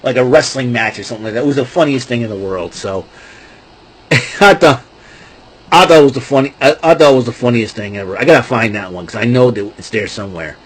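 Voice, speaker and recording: A man's voice: medium pitch, a little fast, husky, rough recording. A middle-aged man hosting his own show, talking casually in a rambling way with many restarts. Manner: rambling, restarting, breaks into goofy voices and laughs. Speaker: podcast host. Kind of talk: casual solo talk.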